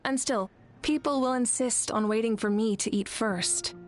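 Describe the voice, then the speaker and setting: An actress playing a composed, commanding fire goddess woman in a video game, speaking with calm assurance. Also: fairly high pitch, moderate pace, natural voice.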